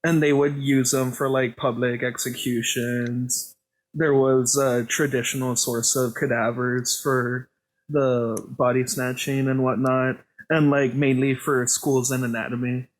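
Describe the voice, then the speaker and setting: Dude reading notes on a podcast, lots of uhs, pretty average pitch. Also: male voice, flat delivery. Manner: halting reading with many fillers. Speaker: podcast co-host.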